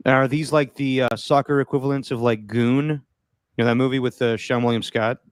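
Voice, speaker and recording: A man hosting a podcast, upbeat and quick as he wraps up and thanks the chat. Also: mid-range voice, steady tone, clean tone, dry recording. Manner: upbeat, quick run-through of thank-yous. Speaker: podcast host. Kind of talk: casual chat, sign-off.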